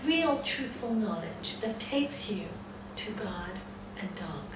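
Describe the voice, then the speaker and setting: A woman's voice: mid-range voice, slow pace. A woman yoga teacher giving a spiritual talk, telling a story and acting out the voices in it. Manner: animated storyteller, acts out the voices in her story. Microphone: distant room mic. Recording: echoey hall from far off, noisy ambience.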